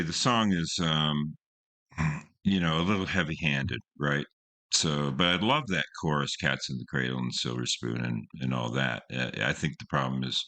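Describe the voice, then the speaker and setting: A man's voice: rumbling low, sharp tone. A man hosting a song-reaction show, talking casually with many fillers and restarts. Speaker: host reviewing songs. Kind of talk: casual commentary.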